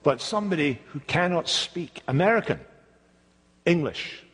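A man's voice: on the high side, expressive, unhurried, fairly bright tone, slightly rough, in a large hall. A man with a Scottish accent preaching a sermon, emphatic and repetitive, now and then mimicking mocking voices. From Scotland. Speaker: pastor. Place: church.

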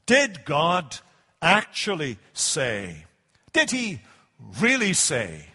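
A sly, sneering serpent tempter, put on by a male preacher, dripping with sarcasm. The voice sits fairly high for a man and rings with a long hall reverb. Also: very animated, normal speed, pushed and bright, slightly rough, heavily acted. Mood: mocking. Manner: sarcastic, mocking. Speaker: preacher voicing the devil.

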